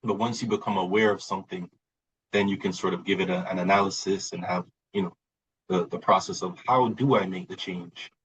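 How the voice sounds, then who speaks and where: A man with a husky, slightly low voice talks reflectively as a podcast guest. He repeats phrases to drive a point home. Now and then he mimics other people's reactions. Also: steady tone, brisk, fairly bright tone, low-quality recording. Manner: reflective, repeats words, acts out quoted voices with laughs. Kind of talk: casual conversational talk.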